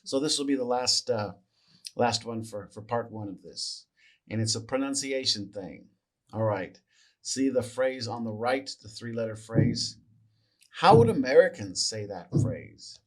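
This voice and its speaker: A man teaching English. He asks the viewer quiz questions, then explains the answers in a relaxed, conversational way. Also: mid-range voice, measured pace. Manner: relaxed and conversational, with small restarts. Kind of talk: explanatory lesson narration.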